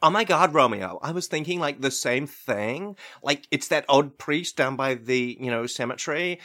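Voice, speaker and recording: A man voicing a bubbly young valley-girl Juliet, gushing and fast. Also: medium pitch, expressive, sharp tone.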